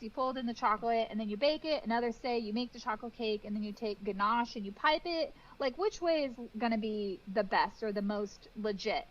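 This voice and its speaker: A woman in her thirties chats in a casual interview, telling stories with lots of acted-out quotes. Her voice sits a little high. The audio is somewhat dull and lo-fi. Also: normal speed, hardly any pauses. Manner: animated storytelling with acted-out quotes and laughs. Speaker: guest cake decorator.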